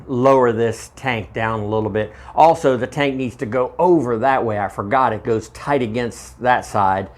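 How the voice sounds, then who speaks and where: Halting homesteader man explaining his setup. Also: mid-range voice. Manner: rambling, halting, with frequent uhs and self-corrections. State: out of breath. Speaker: homesteader showing a project. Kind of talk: casual how-to walkthrough. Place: outdoor homestead fodder house. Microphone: handheld microphone.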